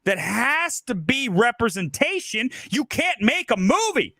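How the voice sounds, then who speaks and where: A heated middle-aged man rants through a film commentary monologue, firing off repeated rhetorical questions. His voice sits high and swoops widely. The sound is dry and close, with no room around it. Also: very animated, a little slow, creaky, bright, forceful tone, no room sound. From Ohio. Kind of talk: ranting monologue.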